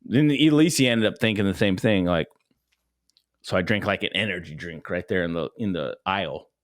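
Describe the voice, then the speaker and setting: A man co-hosting a podcast, talking in a casual, animated way, swearing freely and acting out what people said to him. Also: sits low, brisk. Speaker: podcast co-host. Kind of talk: casual chat.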